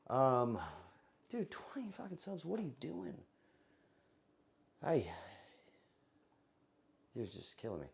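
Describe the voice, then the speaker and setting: A man hosting a casual livestream, joking and swearing as he thanks viewers for subscriptions. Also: a little high. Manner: profane, joking, thanks chat for subs. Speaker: livestream host.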